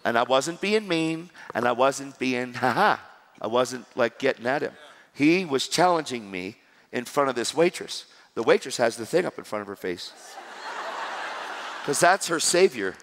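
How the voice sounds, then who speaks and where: A man preaching a sermon, telling a story in a lively, joking way and acting out the dialogue. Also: medium pitch, normal speed, in a large hall. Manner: animated, jokey, acts out dialogue.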